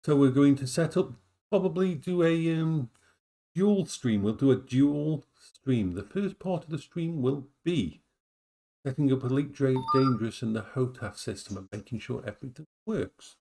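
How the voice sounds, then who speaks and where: A man chatting casually on a live stream from his home, often breaking into high baby talk for his dogs. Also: moderate pace, creaky, mellow.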